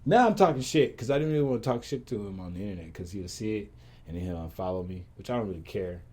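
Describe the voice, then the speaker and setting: This podcast host has a fairly low voice and talks at a quick clip. His storytelling is animated and casual, a profane, slang-heavy ramble that keeps circling back and repeating itself.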